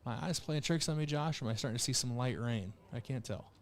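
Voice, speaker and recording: A young man calls a live baseball game play by play from a press box. He moves briskly from pitch to pitch and fixes his own slips without breaking stride. His voice sits in an ordinary middle register. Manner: brisk pitch-by-pitch calling with quick self-corrections. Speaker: play-by-play announcer. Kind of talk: live radio and TV baseball commentary. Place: press box behind a window.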